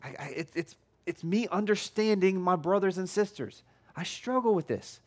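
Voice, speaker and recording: Higher-voiced pastor with a loud-sounding tone. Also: male voice, lively intonation, moderate pace. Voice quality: tone that can sound loud or angry. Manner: informal, stumbling restarts and repeated words. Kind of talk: conversational sermon.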